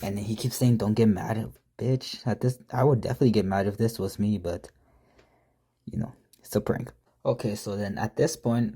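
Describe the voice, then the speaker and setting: A man's voice: on the low side, mellow, breathy edge. A man casually telling a prank story, reading out text messages with profane, mocking, exasperated commentary.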